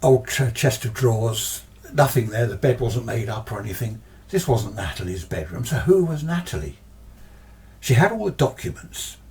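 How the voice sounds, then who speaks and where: A man's voice: mid-range voice, expressive, moderate pace, a little mellow, recorded from a distance. A man retelling a ghost story in a casual, meandering way as the storyteller.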